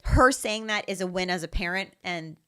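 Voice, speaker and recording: A woman's voice: on the low side, normal speed, sharp tone, smooth. A woman in her thirties co-hosting a casual podcast, chatty and filling her talk with "like". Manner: chatty, heavy use of "like". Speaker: podcast co-host. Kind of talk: casual chat.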